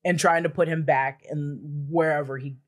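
A woman's voice: sits low, steady tone, moderate pace, breathy edge. A woman on a panel sharing a fan theory in casual chat, rambling, laughing often and swearing casually. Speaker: panel guest presenting a theory.

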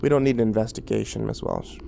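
A man voicing a large police officer in a horror story, speaking low, quiet and measured. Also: huge pitch swings, gravelly, slight background noise, heavily acted. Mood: grave. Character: large deep-voiced police officer, calm and grave.

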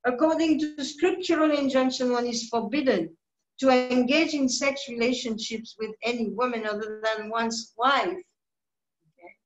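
A woman giving a slow, deliberate scripture class, pausing often with soft fillers. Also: a little high. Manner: slow, deliberate teaching with many pauses and fillers. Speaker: spiritual teacher. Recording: dull lo-fi recording.

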